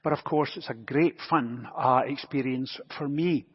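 Husky-voiced pastor in a reverberant church. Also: male voice, mid-range voice, unhurried. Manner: anecdotal, gently humorous storytelling. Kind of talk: sermon. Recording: dull recording with long church reverb.

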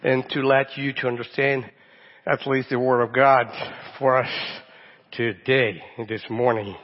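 A middle-aged man from Brazil with a Brazilian Portuguese accent, a native Portuguese speaker, preaching a sermon as a guest pastor. He talks warmly and haltingly, often repeating the first word of a phrase. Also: medium pitch, level tone. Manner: warm, halting, repeats words at starts. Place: church sanctuary. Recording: dull audio in a long-reverb church hall.

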